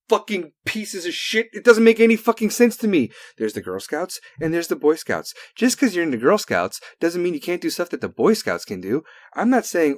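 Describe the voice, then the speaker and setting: A man hosting a solo talk show in a heated, profane rant that swings between loud outbursts and low mutters. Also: sing-song, normal speed, hardly any pauses, no room sound. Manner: heavy cursing, heated. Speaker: podcast host.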